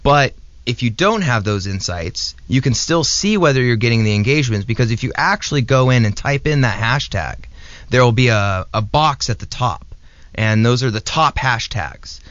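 A man, a knife maker and a guest on the show, explains things in a steady, step-by-step way with a mid-range voice. The sound is dry with no room echo, and slightly dull and lo-fi. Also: medium pitch, moderate pace. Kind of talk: casual explanation.

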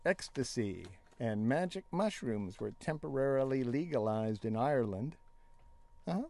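A man's voice: mid-range voice, lively intonation, moderate pace, gravelly, a little mellow. Wry man reading news on a talk show. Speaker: co-host reading news items. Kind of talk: casual news chat.

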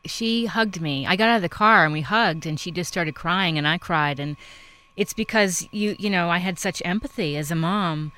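A woman's voice: fairly low pitch, normal speed. A woman interviewer chatting casually, telling a personal story with many affirming murmurs. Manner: warm conversational storyteller, frequent affirmations.

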